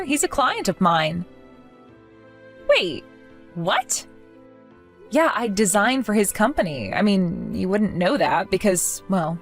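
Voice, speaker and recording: A woman telling a first-person story in a calm, dry, amused manner. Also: mid-range voice. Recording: faint background music.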